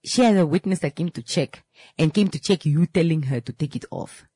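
A woman's voice: low-pitched, expressive, fairly quick, mellow, slightly rough, no room sound. A woman who owns a beauty salon, animatedly telling a story about a client, often repeating and restarting words. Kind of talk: casual storytelling to camera.

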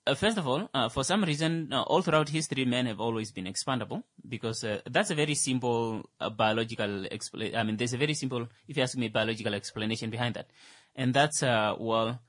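A man's voice: medium pitch, fast talker, hardly any pauses, a bit bright, no room sound. Hesitant man, dry sound. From Namibia. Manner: hesitant, many fillers, dry sarcastic humor. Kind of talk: casual discussion.

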